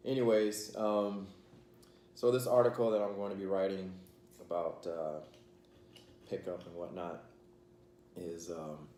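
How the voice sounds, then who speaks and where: A man's voice: low voice, fairly even intonation, a little slow, long pauses, mellow. A man hosting a casual vlog, rambling with many fillers while he eats his meal. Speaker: channel host. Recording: echoey room, faint background noise.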